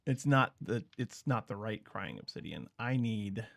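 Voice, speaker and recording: A man's voice: lowish voice, lively intonation, measured pace, gravelly, fairly bright tone, dry recording. A man streaming a game, chatting casually with his viewers while he thinks aloud about what he is doing. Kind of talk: casual gameplay commentary.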